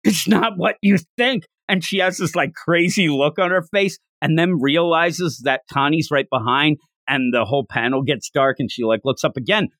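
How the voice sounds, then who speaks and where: A man's voice: on the high side, moderate pace, few pauses, a bit bright, dry recording, clean studio sound. A man co-hosting a casual podcast chat, talking enthusiastically, laughing often and acting out lines as he goes. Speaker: podcast co-host.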